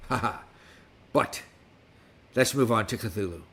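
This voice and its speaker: A man's voice: on the low side, slow, a bit bright, slightly rough. A middle-aged man hosting a casual livestream, talking in a put-on West Country pirate accent. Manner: playful pirate talk, reads stats aloud. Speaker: livestream host.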